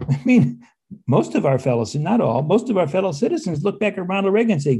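Older man, husky mellow voice. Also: a little high, lively intonation, fairly quick. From United States. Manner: rambling, with restarts and wry asides. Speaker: author and historian guest. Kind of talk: conversational interview.

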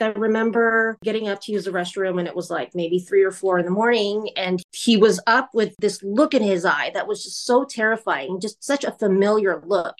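A woman guest candidly recounting her personal story in an interview. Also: mid-range voice. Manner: candid, earnest, recounting vividly.

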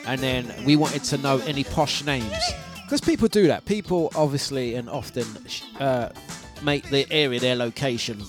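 On this breakfast radio program, the male host talks at a normal speed with few pauses, his voice sitting in the mid range. He jokes around with listeners, laughs frequently and sing-songs announcements while faint music plays in the studio.

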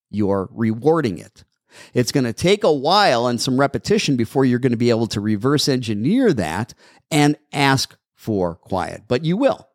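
A man who trains dogs answers listener questions on an advice show, explaining steps patiently and repeating them, his voice a little hoarse. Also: medium pitch, no room sound, clean studio sound. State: slightly hoarse.

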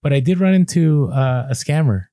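A man's voice: medium pitch, moderate pace, dry recording, studio quality. Chatty man telling resale stories. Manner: chatty storyteller, animated asides. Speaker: podcast co-host. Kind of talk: casual podcast chat.

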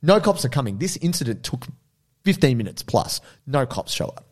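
A man's voice: mid-range voice, normal speed. A young man with an Australian accent, telling a story in casual, rambling chat. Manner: animated, rambling, many fillers.

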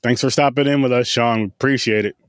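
A man's voice: medium pitch, fairly even intonation, fairly quick, a little hiss or hum. A man hosting a casual podcast chat, laid-back, swearing now and then and joking with his guests. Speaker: podcast host.

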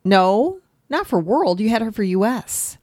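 A woman in her fifties co-hosting a podcast in casual chat, animated and full of asides and restarts. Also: mid-range voice, measured pace, no room sound, studio quality. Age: 50s. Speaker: podcast co-host.

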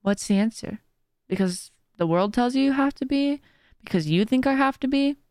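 A woman's voice: high-pitched, animated, moderate pace, darkish tone, no room sound, studio quality. A woman hosting her own podcast, talking in a casual, heartfelt way and giving earnest, faith-driven encouragement. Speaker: podcast host and streamer. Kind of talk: casual motivational podcast monologue.

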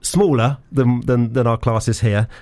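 Middle-aged male radio guest, mid-pitched, hesitant and rambling, fillers everywhere, dead-dry booth sound. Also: steady tone, a little slow, darkish tone, no echo. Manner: hesitant, rambling, full of ums and restarts; laughs easily. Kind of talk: casual radio chat. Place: radio studio. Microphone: studio microphone.

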